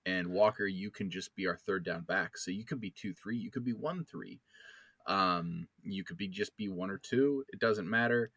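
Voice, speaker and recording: A man co-hosting a casual sports podcast, excitable and playfully sarcastic. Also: deep voice, normal speed, no room sound. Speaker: podcast co-host.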